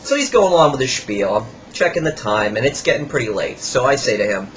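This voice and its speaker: A man's voice: medium pitch, big pitch swings, a little fast, a bit bright, slight background noise. A man hosting a podcast, telling a story in a wry, sarcastic way. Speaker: podcast host. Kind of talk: storytelling monologue.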